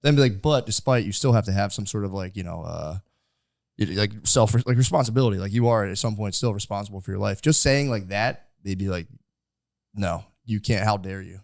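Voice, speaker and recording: A man's voice: lowish voice, a little fast, vocal fry, darkish tone, no room sound, studio quality. A man in his thirties hosting a casual podcast interview, rambling with lots of fillers. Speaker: podcast host.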